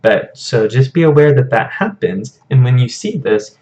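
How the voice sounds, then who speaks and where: A man's voice: medium pitch, animated, moderate pace, hardly any pauses, a little mellow, low-quality recording. A man teaching a Hebrew grammar lesson over a shared screen, explaining patiently in a casual way with frequent fillers.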